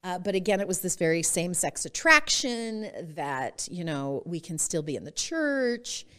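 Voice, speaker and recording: A middle-aged woman with a somewhat low voice tells her personal story as a podcast guest. She speaks expressively and laughs often as she goes. She is from Utah. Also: sing-song, moderate pace, bright, forceful tone, clean tone.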